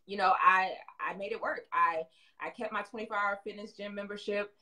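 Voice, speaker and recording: A young woman from the American South, a fashion designer and brand owner, tells her story as a guest on a casual interview. She's animated and laughs often, acting out quotes with big upward jumps in pitch.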